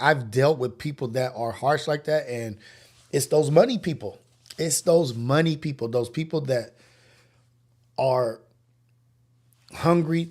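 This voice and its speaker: Podcast host: a man with a middle-range voice, slangy and conversational, thinking aloud on a livestream. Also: medium pitch. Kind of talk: casual livestream commentary.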